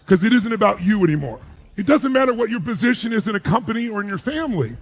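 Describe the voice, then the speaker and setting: Animated, high-pitched male motivational speaker. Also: fast, husky. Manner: emphatic, asks the audience rhetorical questions. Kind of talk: live motivational speech to an audience.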